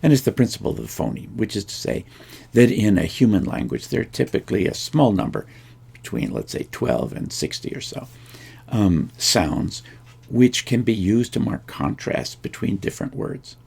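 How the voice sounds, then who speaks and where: A man's voice: fairly low pitch, sing-song, normal speed, gravelly, darkish tone, slightly rough. A man giving a recorded linguistics lecture, thinking aloud with frequent restarts and fillers.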